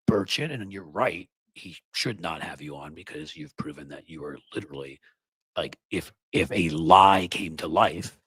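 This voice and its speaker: A sarcastic, rambling political commentator in his fifties, from New York City. His low, husky voice sits close on a studio mic in a dry room. He mocks and riffs freely as he talks. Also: fairly bright tone, dry recording. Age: 50s. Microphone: studio microphone.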